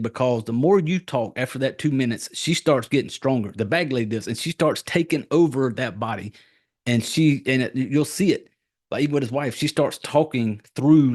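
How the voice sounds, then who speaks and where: A man hosting a horror film podcast, retelling the plot in a rambling, profane, animated way. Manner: rambling, profane, animated retelling with sudden high-pitched jumps. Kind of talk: casual podcast chat.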